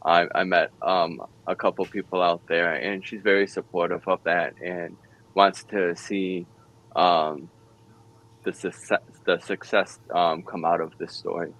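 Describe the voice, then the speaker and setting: A man with a very low, flat voice talks hesitantly, restarting his sentences. Faint ambience sits behind him. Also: a little slow, slight background noise, low-quality recording. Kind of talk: casual chat.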